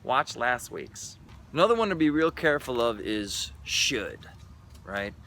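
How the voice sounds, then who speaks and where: Guy rambling about spirituality on his vlog, kinda irreverent, keeps saying right?, bright sharp tone. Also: medium pitch, very animated, measured pace, slight background noise. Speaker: spiritual vlogger. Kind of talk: casual spiritual monologue.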